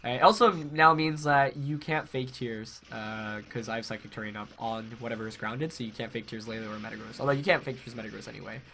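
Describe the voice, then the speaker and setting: A man's voice: medium pitch, fairly even intonation, fast, few pauses, noisy background. A young man with a head cold, congested, casually commentating his own match while thinking aloud with fillers and self-corrections. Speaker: game commentator.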